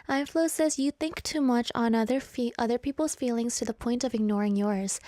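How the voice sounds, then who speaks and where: A woman's voice: on the high side, moderate pace, mellow, no echo, studio quality. A young woman hosting a radio show, chatting casually and ranting playfully while reading listener messages. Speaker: radio host. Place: radio studio. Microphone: studio microphone.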